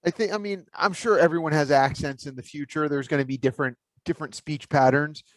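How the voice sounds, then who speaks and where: A man's voice: on the high side, fairly even intonation, a little fast. A man co-hosting a podcast in casual chat, laid-back and rambling, thinking aloud with lots of fillers. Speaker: podcast co-host.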